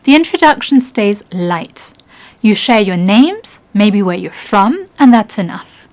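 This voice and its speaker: A woman's voice: medium pitch, sing-song. Upbeat woman teaching a language lesson. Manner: upbeat and encouraging, slows down for practice phrases. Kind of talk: scripted lesson narration.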